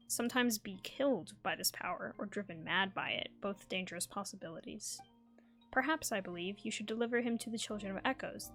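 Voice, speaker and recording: A courteous, formal male scholar, read aloud by a woman in her own everyday voice. His speech is careful and apologetic, with measured pauses. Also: medium pitch, natural voice. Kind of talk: reading game dialogue aloud.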